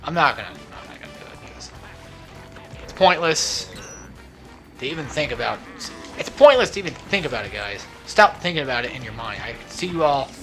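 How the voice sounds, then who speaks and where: A man's voice: mid-range voice, big pitch swings, a little fast, pushed and bright, faint music behind. A young man giving casual, rambling gaming commentary at home, joking and laughing as he drifts off topic. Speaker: let's play host. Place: at home, not alone.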